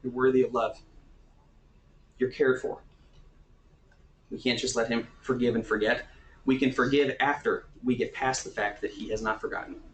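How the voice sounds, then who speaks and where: A man's voice: mid-range voice, steady tone, moderate pace, pauses often, echoey room, a little hiss or hum, rough recording. A man who works as a therapist, teaching in a casual, conversational way and often checking in with his listeners.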